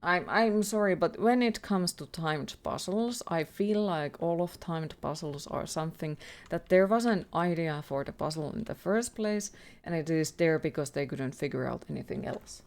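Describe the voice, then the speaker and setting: A woman's voice: low voice, normal speed, a little mellow. A woman livestreaming a horror game, ranting with heavy profanity and exasperation in casual live commentary.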